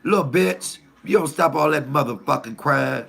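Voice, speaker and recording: A woman's voice: low voice, moderate pace, gravelly, husky, voice pushed up, exaggerated voice. A man voicing his foul-mouthed, blunt older mother who scolds and bosses him around. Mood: scolding. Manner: cussing, bossy, laid-back.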